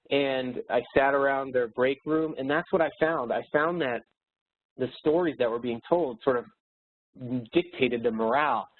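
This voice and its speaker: Male webinar speaker, mid-pitched, earnest upbeat coaching delivery; narrow lo-fi audio. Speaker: speaker and educator. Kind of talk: motivational webinar presentation. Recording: tinny phone-like webinar audio.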